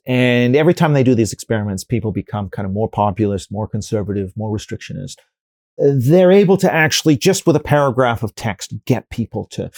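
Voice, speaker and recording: A man speaks in a mellow, unhurried timbre, recorded dry and close with no room sound. He is a professor giving a long interview answer, reasoning aloud through examples and hypotheticals. He often stops and restarts a sentence while shaping the next point. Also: medium pitch, no echo. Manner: explanatory, builds arguments with examples and hypotheticals; frequent restarts and fillers while thinking.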